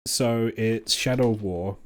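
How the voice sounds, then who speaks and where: A man's voice: fairly low pitch, a little slow. A young man chatting casually and enthusiastically while streaming a game, rambling with loose asides and casual swearing. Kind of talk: casual gameplay chat.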